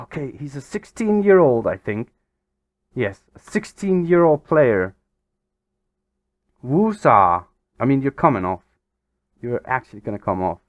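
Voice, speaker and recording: A man hosting a gaming channel, giving excitable, exasperated let's-play commentary over a football management game. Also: medium pitch, no echo, muffled recording. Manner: exasperated, excitable, swears mildly.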